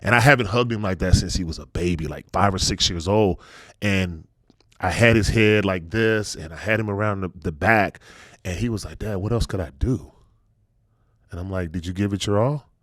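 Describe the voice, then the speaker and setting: The voice is deep and a bit bright, moving at a moderate pace: a middle-aged man hosting a laid-back podcast chat. He tells personal stories earnestly and lowers his voice when reflecting, in a clean studio recording with no room sound.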